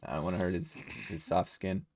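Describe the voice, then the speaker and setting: Male tabletop player, low voice, hesitant and joking, dry sound. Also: steady tone, a little fast, darkish tone, no room sound. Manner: hesitant, restarts and jokes. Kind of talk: casual tabletop game chat.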